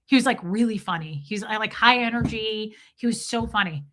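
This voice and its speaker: A woman in her forties telling candid, rambling stories on a casual live stream, slipping into quick impressions of the people in them. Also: on the high side, a bit bright. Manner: candid, rambling storyteller, does voices of people.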